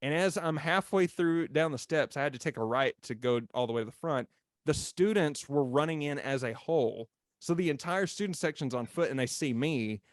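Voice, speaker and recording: A man, a former mascot telling a story on a podcast in a lively, laughing way and acting out what people said. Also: a little high, moderate pace, dry recording, clean studio sound. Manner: animated, acts out quotes, laughs often.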